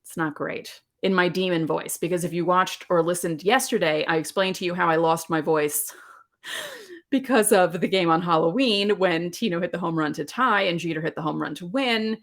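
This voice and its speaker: A woman in her forties with a fairly low voice talks alone as a podcast host. She tells stories in a candid, animated way and laughs easily. The delivery feels like casual chat, not reading. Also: moderate pace. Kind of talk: casual solo podcast talk.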